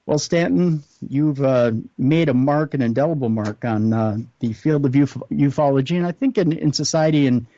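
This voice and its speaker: A man hosting a late-night talk radio show, speaking earnestly and unscripted, often pausing to search for words. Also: medium pitch, mellow, no room sound. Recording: dull lo-fi radio audio, dry.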